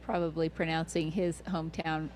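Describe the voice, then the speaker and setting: A woman's voice: low-pitched, little pitch movement, normal speed, a little mellow, faint music behind. A woman commentating live on a mountain ultramarathon livestream, chatty and playful, sometimes correcting herself.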